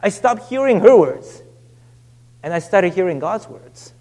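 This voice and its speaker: A man pastor giving a sermon, halting with frequent restarts and fillers, dropping to a hush when quoting scripture. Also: high voice, very animated. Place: church sanctuary. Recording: long hall reverb.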